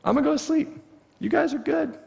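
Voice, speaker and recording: A man's voice: very high voice, brisk, creaky, darkish tone, in a large hall, voice pushed up, heavily acted. A man voicing Jesus as a laid-back, reassuring grown man who talks in casual modern slang.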